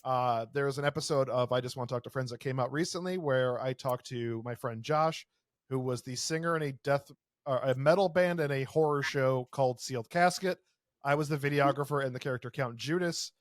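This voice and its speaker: A man's voice: medium pitch, a little fast, no echo, studio quality. Laid-back wry male podcast guest. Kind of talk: casual podcast chat.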